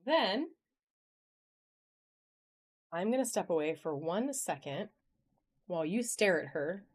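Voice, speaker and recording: With a fairly low voice, this woman is animated yet takes her time. She hosts a live online auction filmed on a phone camera, chatting in a bubbly way and greeting viewers by name as she shows off items.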